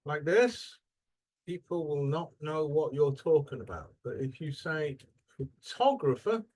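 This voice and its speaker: A man teaching English in a classroom, quizzing students and stressing syllables as he models words. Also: on the high side. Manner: lively questioning, drawing out word stress. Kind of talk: classroom lesson.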